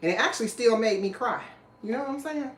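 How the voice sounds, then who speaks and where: A woman's voice: on the high side, fast. Woman, live cooking stream host, casual rambling chat, greets viewers, echoey kitchen, faint background noise. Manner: chatty, rambling, greets viewers and reads their comments. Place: home kitchen.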